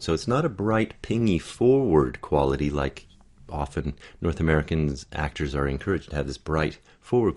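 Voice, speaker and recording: Male dialect coach, very low voice, patient explanatory delivery with spoken demonstrations. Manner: explanatory, demonstrates sounds aloud. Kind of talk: accent coaching lesson.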